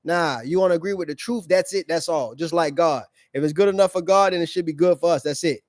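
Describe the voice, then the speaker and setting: High-voiced blunt man ranting. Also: fast, no room sound, studio quality. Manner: blunt, slangy, preachy, asks the audience questions. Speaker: live reaction streamer. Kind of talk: ranting commentary on a played clip.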